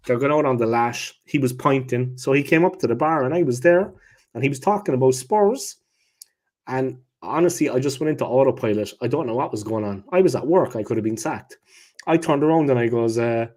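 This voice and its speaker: A man, co-hosting a casual football chat and telling lively stories, often checking in with "yeah?". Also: mid-range voice. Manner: animated anecdote teller, checks in with "yeah?". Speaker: co-host.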